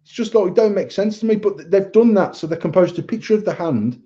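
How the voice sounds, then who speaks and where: A man's voice: sits high, lively intonation, quick pace, warm tone. A man co-hosting a podcast, ranting bluntly in casual chat and swearing a lot. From England. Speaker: podcast co-host. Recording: dull lo-fi sound.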